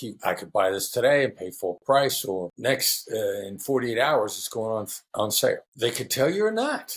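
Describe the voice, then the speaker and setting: A middle-aged former hostage negotiator answers interview questions in a relaxed, storytelling manner, acting out the voices he quotes. His voice is on the low side with a breathy edge.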